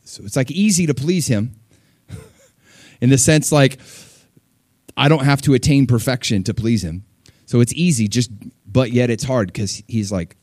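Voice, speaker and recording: A man preaching a sermon, conversational with fillers and small laughs, rising to loud peaks and dropping to hushed asides. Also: mid-range voice, animated, moderate pace, long pauses, no room sound. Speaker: pastor.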